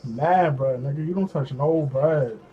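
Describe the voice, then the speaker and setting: High-voiced man trash-talking in a game. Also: unhurried, muffled recording, crowd noise. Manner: taunting, profane, repetitive insults. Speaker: game streamer. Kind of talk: trash talk over game voice chat.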